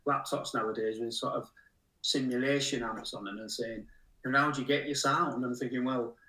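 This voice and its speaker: A man's voice: mid-range voice, fairly even intonation, a little fast, sharp tone. A middle-aged man, chatting casually as an interview guest in a rambling, self-mocking way. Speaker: guest musician. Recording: roomy room from a distant mic.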